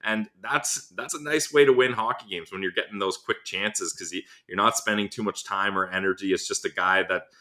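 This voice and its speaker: A man hosting a sports podcast, chatting casually with an upbeat, playful manner and quick laughs. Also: fairly low pitch, sharp tone. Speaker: podcast host.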